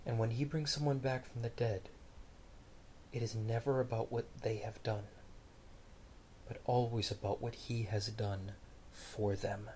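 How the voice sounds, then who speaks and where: A preacher telling a story in a sermon, dramatic, dropping to a hush and then rising loud. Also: medium pitch, fairly even intonation, a little slow, pauses often, a little hiss or hum. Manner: dramatic storytelling, swinging between hushed and loud.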